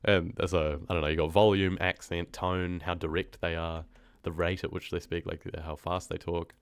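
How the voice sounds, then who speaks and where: Deep-voiced New man chatting. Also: moderate pace, clear, resonant tone, dry recording. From New Zealand. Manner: relaxed, rambling, laughs easily. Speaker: horror story narrator and streamer. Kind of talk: casual live-stream chat with viewers.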